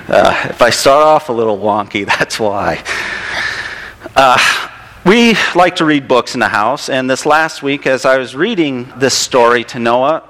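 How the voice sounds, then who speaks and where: A male pastor with an average-pitched voice, giving a sermon. He talks in a relaxed, conversational way and pokes gentle fun at himself. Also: poor audio. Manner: relaxed, self-deprecating, conversational.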